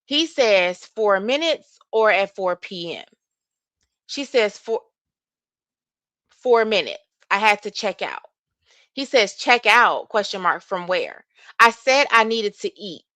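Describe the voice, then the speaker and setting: Bright-voiced woman hosting livestream commentary. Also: medium pitch, expressive, slow, long pauses, dry recording. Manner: reads text messages aloud and reacts with opinion; addresses viewers directly as y'all.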